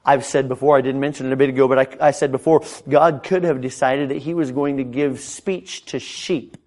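A middle-aged man preaching a sermon in a church. His delivery is impassioned, with frequent stammered restarts, and his pitch climbs when he gets stirred up. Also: fairly even intonation, fairly quick, darkish tone. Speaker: pastor. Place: church sanctuary.

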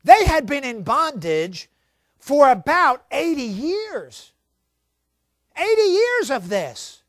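A male preacher delivering a sermon with a high, lively voice that leaps between near-whispers and fervent shouts. The sound is dry and close, with no room behind it. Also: slow, no echo. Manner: swings from shouting to hushed, dramatic.

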